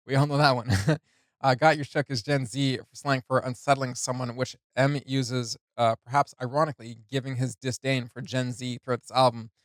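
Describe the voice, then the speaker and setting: A man's voice: mid-range voice, dry recording, studio quality. A man hosting a reaction video, explaining rap lyrics in a loose, casual way with frequent chuckles and many "uh"s and "um"s.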